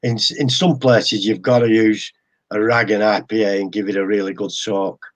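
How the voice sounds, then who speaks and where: English man, low husky voice, halting guest chat with repeated words. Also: little pitch movement. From England. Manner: hesitant, repeats words, chuckles often. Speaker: guest model railroader. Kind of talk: casual live-stream chat.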